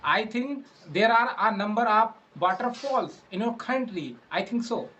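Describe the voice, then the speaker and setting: A man's voice: high voice, a little slow, pushed and bright, slight background noise, rough recording. Patient Indian English trainer, man. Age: 20s. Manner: patient, repeats questions. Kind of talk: casual English practice conversation.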